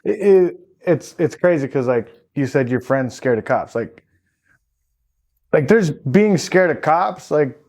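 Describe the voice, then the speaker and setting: Higher-voiced male host, halting. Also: expressive, darkish tone. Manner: halting, repeats himself while forming a point. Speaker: podcast host. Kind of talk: casual interview chat.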